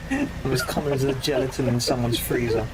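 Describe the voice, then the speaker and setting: A man's voice: medium pitch, brisk, heavy background noise. Joking, swearing male game streamer. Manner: joking, swears casually, laughs often. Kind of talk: casual gaming stream chat.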